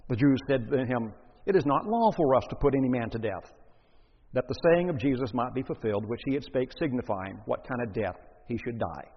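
A man with a slightly husky voice preaches a sermon, reading scripture aloud before expounding on it with deliberate emphasis. The recording is dull and lo-fi, with long reverb from a large hall. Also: medium pitch, animated.

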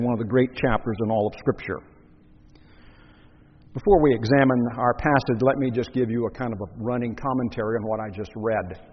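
A man preaching a teaching sermon, measured and explanatory, asking the listeners rhetorical questions. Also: mid-range voice, husky. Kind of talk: expository sermon. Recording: muffled, echoey hall recording.

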